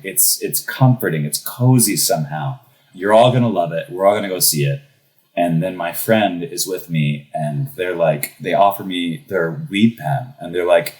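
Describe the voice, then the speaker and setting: Young man, lowish voice, casual storytelling, animated, laughing. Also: poor audio. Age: young adult. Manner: animated, laughing through a comic anecdote. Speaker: podcast guest.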